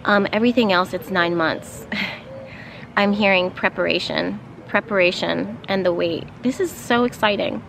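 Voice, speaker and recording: A woman giving a casual spiritual card reading outdoors, rambling a little with fillers and soft laughs. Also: medium pitch, a little slow, gravelly, slight background noise. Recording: outdoor ambience with passing vehicles. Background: outdoor ambience and vehicles.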